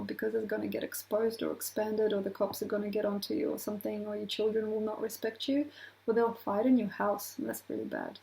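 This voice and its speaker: A woman's voice: a little high, gravelly, a little mellow, rough recording. A woman astrologer talking casually to camera, rambling from point to point with laughing asides.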